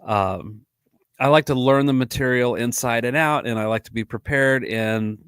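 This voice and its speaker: A man's voice: mid-range voice, normal speed, a bit bright, clear, resonant tone, dry recording, studio quality. A man hosting a casual live podcast, rambling with lots of fillers and frequent chuckles. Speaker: podcast host and drummer.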